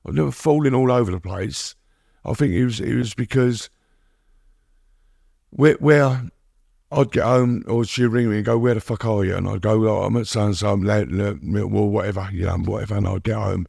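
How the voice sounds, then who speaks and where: Gravelly low-voiced man. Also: darkish tone, no room sound, clean studio sound. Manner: halting, repeats words, many "you know what I mean". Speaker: podcast guest. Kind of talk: candid recovery interview.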